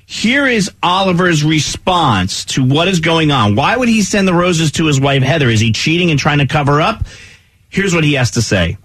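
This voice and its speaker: A man's voice: on the high side, expressive, normal speed, fairly bright tone, breathy edge, no room sound. A man hosting a morning radio talk show, recapping and questioning a caller in an upbeat way.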